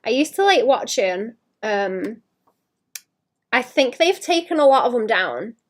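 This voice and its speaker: A woman streaming herself drawing, chatting casually in a rambling way that trails off and drops to a quiet murmur. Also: fairly high pitch, very animated, a little slow. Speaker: art streamer. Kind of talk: casual live-stream chat while drawing.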